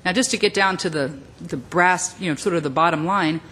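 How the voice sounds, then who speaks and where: Woman, low-pitched, measured, explanatory, council member, council chamber, desk microphone. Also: fairly bright tone, slightly rough. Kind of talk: response at a council meeting.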